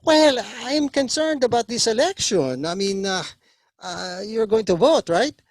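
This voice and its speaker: A man's voice: high-pitched, animated, measured pace, dry recording, voice pushed up. A man doing a chatty dead dad turned moth. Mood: eager chatty. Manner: eager, loud, talkative, stumbling over words. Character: dead older Filipino father reborn as a chatty moth.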